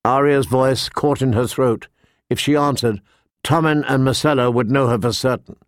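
A man reading a fantasy novel aloud as narrator, steady and shifting pace with the action. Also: mid-range voice, moderate pace, dry recording, clean studio sound. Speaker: audiobook narrator. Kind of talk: scripted narration.

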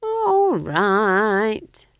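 A woman voicing a cheerful, homely older witch with a folksy, drawn-out way of talking. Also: on the low side, big pitch swings, a bit bright, dry recording, clean studio sound, pitched above the performer's own voice, exaggerated voice.

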